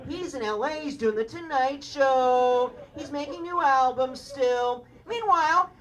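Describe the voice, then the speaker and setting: A man's voice: very high-pitched, unhurried, muffled recording. A man doing a stand-up set on a club stage, with an awkward, rambling, confessional delivery. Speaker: stand-up comedian. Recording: live club recording with crowd. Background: audience laughter.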